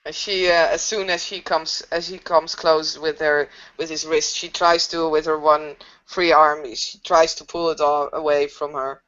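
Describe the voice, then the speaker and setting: A woman playing a tabletop game, describing her character's actions in a halting, hesitant way, on a dull lo-fi recording. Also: deep voice, level tone, fairly bright tone. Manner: hesitant, halting narration with fillers. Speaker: player.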